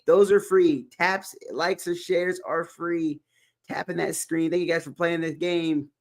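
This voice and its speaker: A man's voice: a little high, steady tone, unhurried, darkish tone. A man from Texas hosting a casual livestream, upbeat and repeating calls to tap the screen. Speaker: livestream host.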